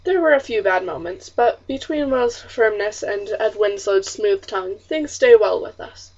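A woman voicing a calm, reassuring colonial father who explains things in a steady, measured way. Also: medium pitch, close to an everyday voice. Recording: distant, muffled audiobook recording.

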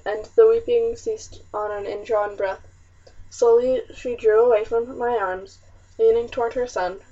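Brief: higher-voiced woman narrator, measured storybook reading, dull distant sound. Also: dark tone. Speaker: audiobook narrator. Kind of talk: scripted first-person narration of a historical novel. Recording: muffled, slightly distant recording.

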